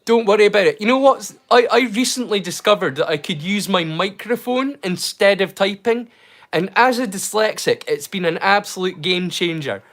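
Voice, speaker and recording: Hosting a relaxed livestream from home in rural Scotland, a man with a Scottish accent rambles on with frequent restarts and slang. His voice sits high, expressive and fairly bright, at a normal speed.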